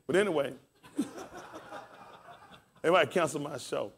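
A man's voice: a little high, unhurried, pauses often, breathy edge. A man pastor preaching and teaching scripture, calling out questions to his congregation and spelling words aloud.

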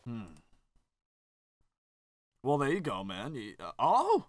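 A man joking through gameplay commentary, reading the game's lines aloud and jumping between loud outbursts and mumbled asides. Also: medium pitch, expressive, no room sound. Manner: goofy, jokey, quick swings from loud to mumbled. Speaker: let's play commentator.

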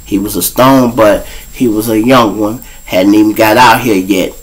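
A man around fifty with a Chicago accent, hosting his own show and telling a raw street story to his listeners, profane and blunt, breaking into loud acted-out voices. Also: lowish voice, steady tone, moderate pace, poor audio. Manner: profane, blunt, addresses listeners directly, acts out voices loudly. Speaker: show host.

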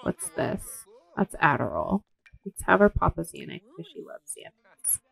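A woman hosting a let's play, commenting in an excitable, giggly and crude way. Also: fairly low pitch, a little slow, creaky, husky. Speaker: gaming video host.

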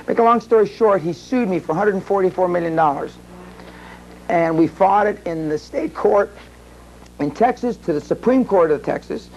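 A man's voice: high-pitched, normal speed, darkish tone, dull audio, a little hiss or hum. A man speaking at a seminar, telling a long rambling story to a live audience with many restarts and fillers. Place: seminar room.

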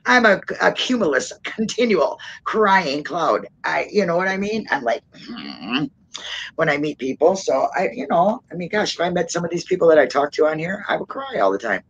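A woman hosting a casual livestream chat, rambling and calling herself a loudmouth. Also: fairly low pitch, sing-song, moderate pace, slightly rough, lo-fi sound. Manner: rambling, self-described loudmouth, laughs often. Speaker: stream host.

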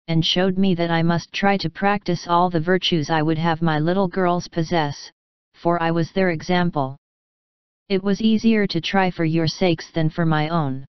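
A woman voicing a calm, tender middle-aged mother in a storybook reading, slightly dull lo-fi audio. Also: on the low side, clear, resonant tone, no echo, natural voice.

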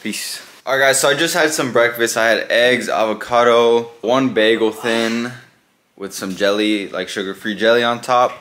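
A man's voice: mid-range voice, normal speed, fairly bright tone. A young man talking casually to his vlog camera, rambling with lots of fillers. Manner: rambling, many fillers like "like" and "you know". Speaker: family vlogger.

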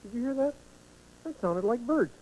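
A man's voice: very high voice, animated, normal speed, mellow, a little hiss or hum, rough recording. A man voicing Ernie, a cheerful, oblivious male puppet roommate who talks in a sunny, chuckly way in a children's TV puppet sketch.

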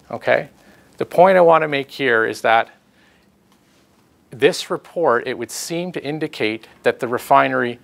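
A man stands before an audience and walks them through slides of his research. His speech is halting, full of ums and restarts, and sits at an ordinary male pitch. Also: gravelly, fairly bright tone. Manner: halting, many fillers and restarts. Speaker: public speaker presenting research. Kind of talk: public talk with slides.

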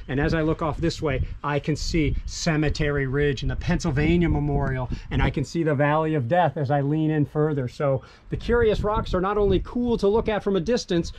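A man's voice: fairly high pitch, a little mellow, slight background noise. A man leading an outdoor walking tour on a hillside, eagerly pointing out the sights, recorded on a body-worn action camera. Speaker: battlefield tour guide.

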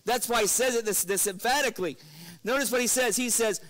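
A man with a high, light voice delivers an evening church lesson. He talks earnestly, pushing harder when he reads scripture aloud and chuckling through homely stories. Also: a little fast, a bit bright. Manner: earnest, rises in pitch and force when quoting scripture; breaks into chuckles while telling stories. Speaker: preacher.

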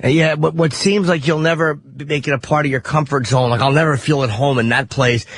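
A man's voice: fairly high pitch, fairly quick, husky, no room sound. A man, a comedian telling crude stories in a casual radio chat and acting out the people he quotes. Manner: crude, animated storytelling with acted-out quotes.

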